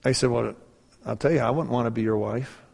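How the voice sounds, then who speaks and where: Gravelly older man preaching in a hall. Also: mid-range voice, fairly quick, a crowd in the background. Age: 60s. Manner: animated, swings from hushed to loud preaching. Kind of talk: sermon storytelling. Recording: long hall reverb.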